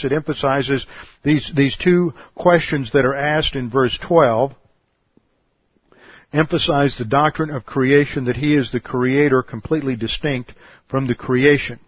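A man preaching an expository sermon, teaching in a measured, emphatic way and posing rhetorical questions. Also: fairly high pitch, slightly rough, no room sound, dull audio. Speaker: pastor.

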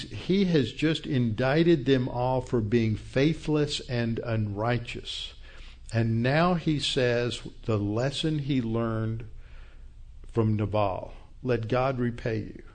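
A man's voice: mid-range voice, slow pace, darkish tone. A man teaching through a Bible passage as a pastor, explaining verse by verse in a conversational way with asides.

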